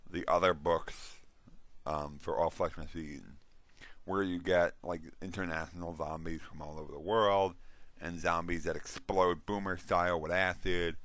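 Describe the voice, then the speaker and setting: A man's voice: low voice, sharp tone. A man hosting a casual monologue on role-playing games, rambling with restarts and the odd yawn. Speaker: host.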